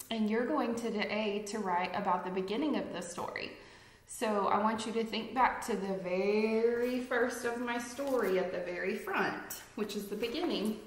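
A woman's voice: medium pitch, slight background noise. A woman teacher finishing a read-aloud and giving young children a writing task in short, encouraging steps. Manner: gentle, encouraging, speaks in short guiding steps. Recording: echoey room.

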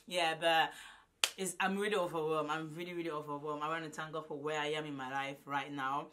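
Loud effusive woman in her twenties. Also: sits low, steady tone, a little fast, background noise. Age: 20s. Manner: loud and effusive, repeats herself. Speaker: vlogger. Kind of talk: casual vlog to camera. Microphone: phone camera.

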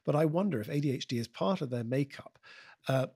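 A British man, a guest comedian and impressionist, chatting on a podcast in an animated, digressive storytelling manner. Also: medium pitch, quick pace, breathy edge, no room sound, studio quality. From United Kingdom. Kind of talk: podcast conversation.

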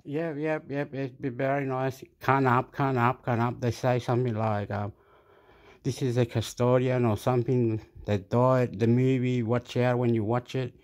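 A man reacts to the news on a handheld phone, talking in a scattered, casual ramble where he cuts himself off, loses the thread and says the same phrases again. His medium-pitched voice is level and somewhat dark, at a moderate pace.

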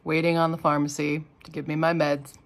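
A young woman, hoarse from a sore throat, chatting in a rambling, wry way in a casual vlog at home. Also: low voice, flat delivery, brisk. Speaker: vlogger. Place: at home indoors.

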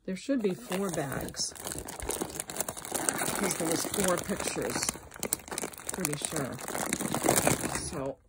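Female vlog host, low-pitched, chatty and excitable, unboxing over loud paper rustle. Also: drawn-out words, long pauses, heavy background noise. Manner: chatty and excitable, exclaiming as she unpacks. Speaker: jewelry reseller and channel host. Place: indoors at a table, unboxing. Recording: clear crinkling and rustling of packing. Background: clear crinkling and rustling of packing.

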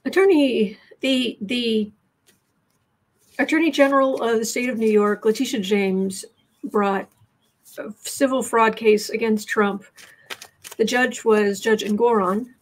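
A woman's voice: on the high side, a little slow, pauses often. A woman hosting a daily tarot livestream in a casual, rambling chat, with asides to her viewers. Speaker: livestream tarot reader and host.

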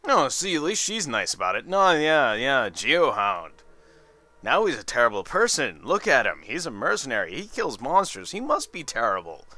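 A man's voice: mid-range voice, huge pitch swings, moderate pace, bright, forceful tone, no echo. A tired man doing rambling, sarcastic commentary over a video game. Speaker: let's play commentator.

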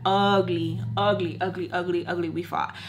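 A young woman chatting through a storytime while doing her makeup, animated and acting out the other people's lines. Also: on the low side, moderate pace, a little hiss or hum. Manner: chatty, animated, acts out quoted voices. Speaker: beauty vlogger.

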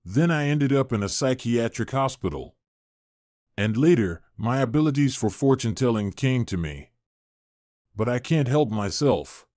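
A man's voice: medium pitch, animated, normal speed, no room sound, clean studio sound, close to an everyday voice. A man reading the lines of a middle-aged woman fortune teller in a storybook tale, speaking briefly and directly. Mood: hushed confession. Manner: direct, then hushed.

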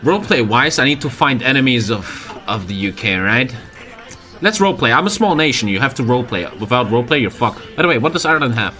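A man's voice: medium pitch, animated, quick pace, sharp tone, soft background music. A man streaming a strategy game, joking crudely and swearing often. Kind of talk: live game stream commentary.

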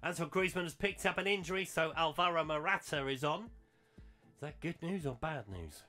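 Bright, chatty man commentating a game. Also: a little high, moderate pace, faint music behind. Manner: chatty, animated match commentary with asides to viewers. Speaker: gaming commentator.

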